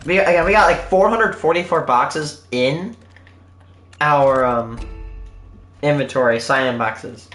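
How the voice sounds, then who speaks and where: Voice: medium pitch, slow, pauses often, a bit bright, reverberant, soft background music. A live streamer chatting casually to viewers while opening loot, in a hyped game-show-host manner.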